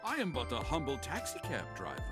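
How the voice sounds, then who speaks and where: A man's voice: mid-range voice, wildly swooping pitch, fairly quick. An actor playing a pompous older male taxi driver in a video game, speaking in an affected, overly formal way. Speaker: game character. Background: music.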